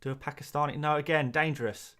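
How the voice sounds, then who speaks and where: A man's voice: on the high side, steady tone, fairly bright tone. A man, hosting a live stream and chatting casually through viewer comments in a rambling, talkative way. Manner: chatty, rambling, quick asides and laughs. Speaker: fantasy football livestream host.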